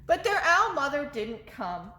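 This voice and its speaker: A woman's voice: high voice, big pitch swings, measured pace, sharp tone. A woman in her thirties, a children's librarian leading story time, cheerful and coaxing with young children. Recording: echoey room.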